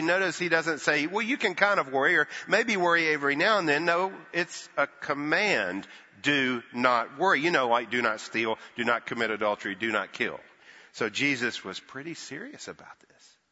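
An older man preaching a sermon, telling a story and acting out the quoted voices with hushed and lifted tones. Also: mid-range voice. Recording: dull sound with long hall reverb.

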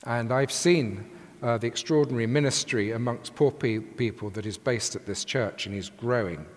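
An older man from England preaching a sermon from the pulpit with a lively, emphatic cadence. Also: mid-range voice, normal speed. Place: large church with long reverb. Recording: echoey church hall.

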